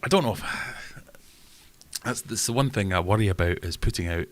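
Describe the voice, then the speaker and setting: Low-voiced rambling man. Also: expressive, normal speed. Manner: rambling, self-deprecating, chatty. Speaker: live stream host. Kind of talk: casual live stream chat.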